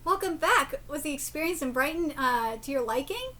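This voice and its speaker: A woman's voice: sits high, expressive, moderate pace, bright, forceful tone. A woman reading aloud as a welcoming hotel staff member, in a courteous service tone.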